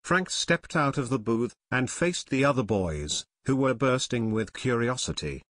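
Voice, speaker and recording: Male audiobook narrator, expressive, dry close-miked sound. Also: medium pitch, measured pace, no echo. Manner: clear and expressive storytelling. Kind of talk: scripted narration.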